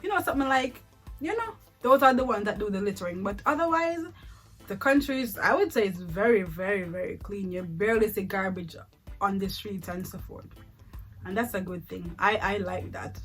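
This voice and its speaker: A woman's voice: medium pitch, lively intonation, moderate pace, a bit bright, faint music behind. A young woman with a Jamaican accent, talking casually in a vlog, repeating words for emphasis and slipping into patois. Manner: chatty, repeats words for emphasis, laughs often, slips into patois. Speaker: vlogger. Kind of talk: casual vlog comparing countries.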